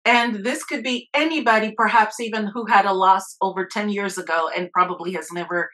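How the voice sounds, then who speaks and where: A woman's voice: medium pitch, brisk, fairly bright tone, poor audio. A woman host interviewing a guest and prompting her with encouraging requests. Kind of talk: interview conversation.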